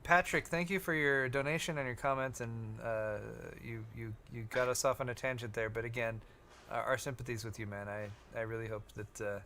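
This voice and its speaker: A man's voice: medium pitch, steady tone, a little fast, pushed and bright, slight background noise. A man co-hosting a live tech hardware show, chatting casually and reading out viewer comments. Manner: rambling, self-correcting, reads viewer comments. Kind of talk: casual livestream chat.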